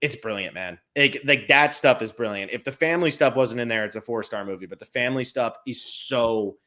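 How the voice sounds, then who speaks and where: A man in his thirties co-hosting a casual film chat podcast, animated and blunt, swearing freely. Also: mid-range voice, fairly quick. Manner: animated, swearing, mocking impressions. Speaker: podcast co-host.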